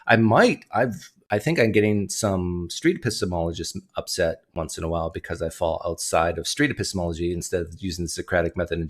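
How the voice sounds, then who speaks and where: A man hosting a livestream, talking casually and reading donation messages aloud. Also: low voice. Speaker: livestream host.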